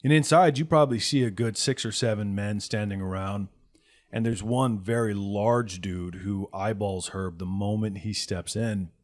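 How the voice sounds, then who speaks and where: A man's voice: on the low side, normal speed. A man narrating a tabletop game as game master in a casual, chatty way with many fillers.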